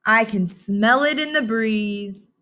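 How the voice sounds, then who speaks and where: A woman reading aloud and voicing a contented moose savoring the air, slow and breathy. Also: fairly high pitch, sharp tone.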